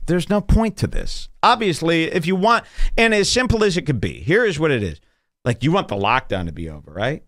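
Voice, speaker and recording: A man's voice: fairly high pitch, very animated, a little fast, a bit bright, dry recording, clean studio sound. A man hosting a podcast, telling a rambling story in casual chat and swearing freely. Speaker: podcast host.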